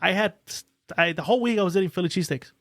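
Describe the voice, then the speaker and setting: Fast-talking high-voiced man, profane. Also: dry recording, studio quality. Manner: profane, animated storytelling. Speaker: podcast guest, show host. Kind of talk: casual podcast chat.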